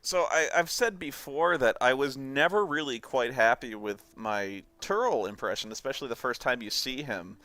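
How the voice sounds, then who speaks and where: A man's voice: medium pitch, moderate pace, few pauses, no room sound. A man giving a casual, rambling commentary on a video, often laughing as he talks. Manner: rambling, laughing, lively storytelling.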